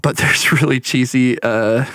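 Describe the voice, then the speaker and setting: A man's voice: medium pitch, fairly even intonation, unhurried, a bit bright, smooth, no echo, studio quality. A young man co-hosting a casual podcast, laughing often, swearing and acting out movie lines as he reviews films. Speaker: podcast co-host. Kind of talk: casual chat.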